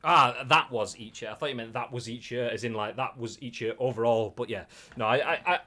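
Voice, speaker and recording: A man's voice: mid-range voice, a little fast, sharp tone. A man with a Yorkshire accent co-hosting a gaming news show, chatting casually and reading out viewer comments. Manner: rambling, self-deprecating, lots of filler.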